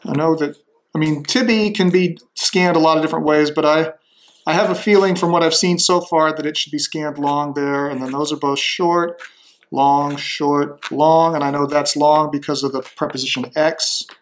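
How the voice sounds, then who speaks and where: A man thinking aloud as he slowly works through a demonstration, tentative and musing, with frequent restarts. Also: a little high, fairly even intonation, a little hiss or hum.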